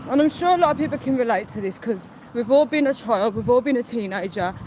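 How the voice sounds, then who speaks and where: A woman's voice: a little high, animated, fast talker, rough recording. A woman on a casual live video, chatty, easily distracted and apologetic, out of breath as she walks along a city street talking into her phone. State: out of breath from walking. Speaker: vlogger doing a live video. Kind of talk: casual rambling live stream while walking. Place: busy city street outdoors. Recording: loud street traffic behind.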